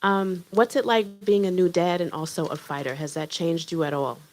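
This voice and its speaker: Woman reporter, lowish voice, short straight questions. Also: fairly even intonation, normal speed, darkish tone, poor audio. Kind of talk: press conference question.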